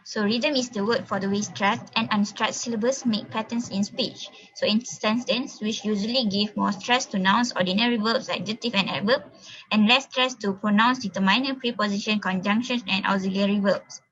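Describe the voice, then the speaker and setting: A woman's voice: mid-range voice, steady tone, moderate pace, fairly bright tone, muffled recording. A young woman student explaining her part of a class presentation step by step over a video call, with many fillers. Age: young adult.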